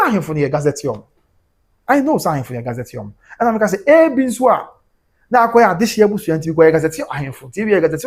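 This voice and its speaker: A Ghanaian man hosting a livestream, animated, switching between Twi and English while reading out viewer comments. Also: on the high side, husky. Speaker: host.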